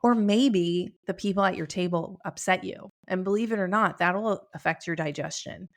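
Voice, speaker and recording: A woman's voice: on the low side, normal speed. A middle-aged woman hosting her podcast in casual, chatty talk, upbeat and laughing often, speaking from a room at home. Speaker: podcast host.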